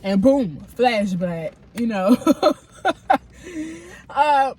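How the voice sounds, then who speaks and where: A woman's voice: mid-range voice, animated, extremely slow, dark tone. A woman with a cold and a congested voice talks her viewers through a reality show recap. She is chatty and frank, and she takes her time. There is a light hiss in the background. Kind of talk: casual recap commentary.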